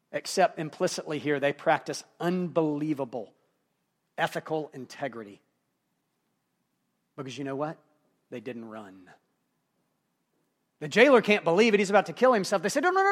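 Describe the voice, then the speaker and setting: Male preacher, high-pitched, sermon delivery that drops soft then builds to emphatic runs. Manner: dynamic preaching, swings from hushed to emphatic. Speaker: pastor.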